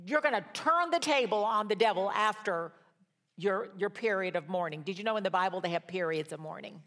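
An older woman teaching a Bible study in a sermon style, telling stories that move from hushed to rousing. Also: mid-range voice. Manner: storytelling, swings from hushed to rousing.

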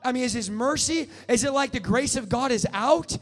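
A man in his thirties preaching an impassioned sermon that builds to shouting. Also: very high-pitched, moderate pace. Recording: echoey hall with faint music.

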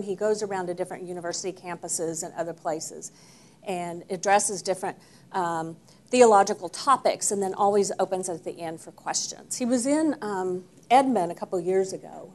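A woman's voice: on the low side, moderate pace, darkish tone. A woman leading a church Bible study class, teaching emphatically and putting questions to the group.

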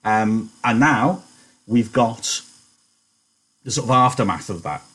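Husky man, English teacher, chatty and encouraging in an online lesson. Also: medium pitch, lively intonation, slow, fairly bright tone. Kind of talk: online lesson and reading aloud.

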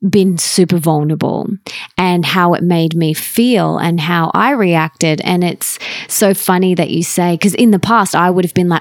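A woman hosting a podcast interview, talking warmly and reflectively about relationships in an eager, conversational way. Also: fairly low pitch, fairly even intonation, a little slow, no room sound, studio quality. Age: adult, stepmother of an eleven-year-old. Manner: enthusiastic, reflective, speaks of her book and family. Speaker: podcast host.

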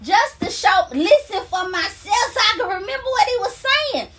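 Recording on her phone as she paces, a self-described minister shares an emotional religious testimony with viewers in a very high, lively voice at normal speed. The mic is distant and the background noisy, and she keeps repeating herself with fervent exclamations and laughs.

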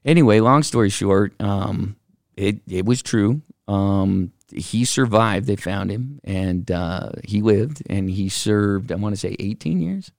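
Middle-aged man, low and gravelly, casual animated storyteller who acts out the dialogue. Dry sound. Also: a little slow, no echo. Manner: animated, acts out quoted voices, many fillers. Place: office.

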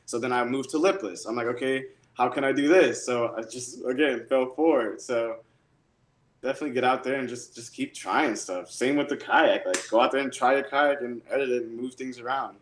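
A man telling fishing stories in a casual, excitable way, with lots of "like" and laughs. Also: mid-range voice, a little fast. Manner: excitable, animated storyteller. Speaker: guest angler and realtor. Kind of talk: casual storytelling. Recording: roomy echo.

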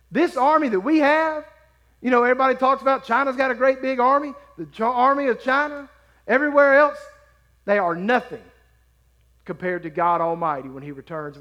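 Man, pastor, high voice, emphatic sermon delivery, quiet asides between swells. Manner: emphatic preaching, swells on key words and drops to quiet asides.

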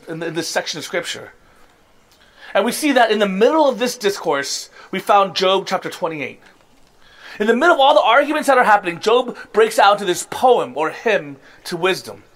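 A man's voice: high voice, very animated, normal speed, fairly bright tone. A man preaching a sermon to his congregation, conversational and emphatic, sometimes laughing at himself. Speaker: pastor. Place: church service.

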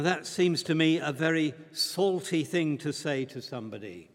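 A man preaching a sermon, measured and emphatic in delivery. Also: fairly high pitch, lively intonation, in a large hall.

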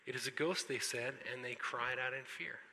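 A man preaching a sermon to a congregation, animated and joking with the listeners. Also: mid-range voice, normal speed. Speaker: pastor. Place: church hall with congregation. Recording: long hall reverb.

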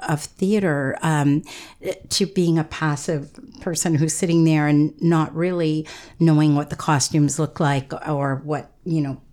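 On a radio talk show, a female guest with a low, mellow voice tells funny stories. She's chatty and laughs a lot throughout the storytelling interview.

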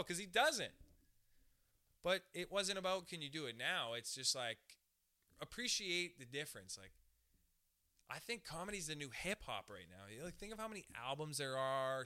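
A male comedian hosting a podcast, riffing in a profane, animated, brash way with a zippy tone. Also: medium pitch. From Canada. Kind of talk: casual rambling monologue.

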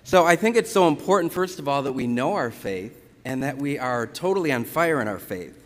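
Priest preaching in a reverberant church. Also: male voice, medium pitch, fairly quick. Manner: conversational storytelling, animated retellings. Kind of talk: sermon.

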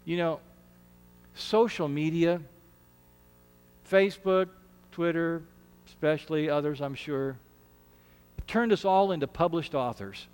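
A man delivers a sermon in an earnest, conversational way, stumbling and restarting phrases as he goes. His voice sits notably high for a man. The sound carries a long reverb from the church sanctuary around him. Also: slow pace, pauses often, darkish tone, smooth. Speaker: pastor.

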